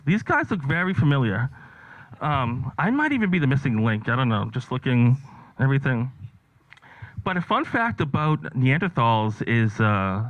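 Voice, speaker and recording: A man's voice: mid-range voice, fairly bright tone, no room sound, lo-fi sound. A man performing a stand-up set, telling stories in a rambling, offhand way with lots of fillers. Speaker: stand-up comedian.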